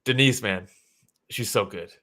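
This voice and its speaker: Bright-voiced man chatting about fights. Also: on the low side. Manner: upbeat, agreeable, quick to laugh. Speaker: co-host. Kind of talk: casual fight reaction chat.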